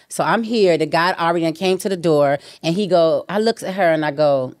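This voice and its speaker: Animated woman telling a story. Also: brisk, few pauses. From Miami. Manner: animated, acts out quotes with sudden high exclamations. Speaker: guest rapper. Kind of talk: casual storytelling.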